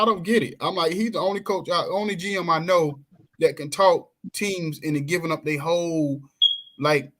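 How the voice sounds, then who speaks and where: A lively middle-aged man, talking in a bright, forceful voice that sits a little high for a man. He tells stories with big swings in pitch and acts out the people in them. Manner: animated storyteller, acts out quoted voices, swings pitch widely. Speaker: coach and podcast guest. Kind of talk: casual chat.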